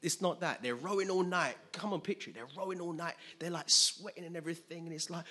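A man preaching a sermon in an animated way, acting out scenes with sudden loud outbursts. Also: on the high side, fast talker, hardly any pauses, husky.

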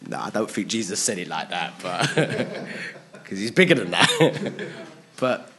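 A man preaching a sermon, animated, acting out quotes in different voices and laughing at himself. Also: on the low side, unhurried.

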